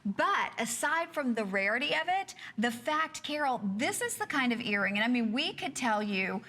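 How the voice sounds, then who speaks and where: A woman hosting a shopping channel, chatty and upbeat, pitching jewelry and reading out how many are left. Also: very animated, moderate pace, bright, forceful tone. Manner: upbeat, chatty, reads out stock counts. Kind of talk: live TV sales patter.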